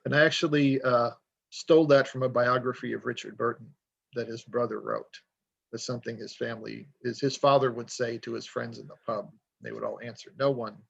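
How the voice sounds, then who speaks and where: A man's voice: medium pitch, flat delivery, a little fast, gravelly, husky, highs cut off. A man talking casually on a podcast as an author guest, rambling and self-deprecating as he tells stories.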